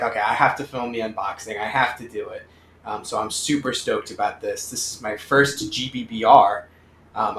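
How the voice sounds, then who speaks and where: A man's voice: mid-range voice, fairly bright tone, a little hiss or hum. Eager man unboxing gear in an echoey room. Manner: chatty, eager, lots of fillers and asides. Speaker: airsoft channel host. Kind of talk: casual product unboxing.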